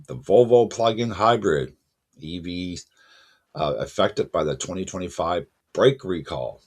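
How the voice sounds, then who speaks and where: Deep raspy guy chatting about cars to his viewers, kinda loose and conversational. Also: lively intonation, a little slow, a little mellow. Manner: conversational, self-correcting, addresses viewers as folks. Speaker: car news channel host. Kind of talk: casual spoken commentary to camera.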